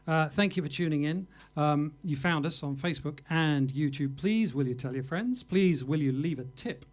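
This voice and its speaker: A man's voice: fairly high pitch, moderate pace. A man hosting a livestream jazz show, wrapping up the evening in a rambling, self-mocking way. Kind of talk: casual live show wrap-up.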